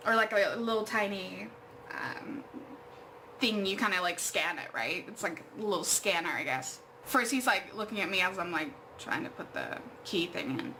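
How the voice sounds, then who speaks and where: A woman's voice: mid-range voice, lively intonation, moderate pace, background noise. A young adult woman vlogging at home, telling an exasperated story full of fillers and swearing. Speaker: art vlogger. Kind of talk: casual storytime vlog.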